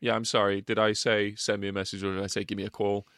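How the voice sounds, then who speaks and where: A man with an English Midlands accent co-hosting a casual film podcast. He swears a lot, apologises constantly, and gets animated when he goes off on a tangent. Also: fairly low pitch, fast talker, clean tone, no room sound, clean studio sound. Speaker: podcast co-host.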